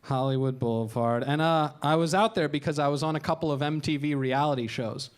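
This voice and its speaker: A man's voice: fairly high pitch, fairly quick. A man doing a stand-up comedy set on a club stage, telling wry, self-deprecating stories into a handheld mic and acting out other people in raised voices.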